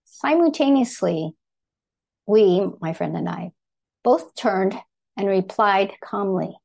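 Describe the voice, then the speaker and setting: An older woman from Thailand reading her personal essay aloud to an audience in a measured, deliberate way, pausing to correct herself now and then. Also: mid-range voice, animated, creaky, darkish tone.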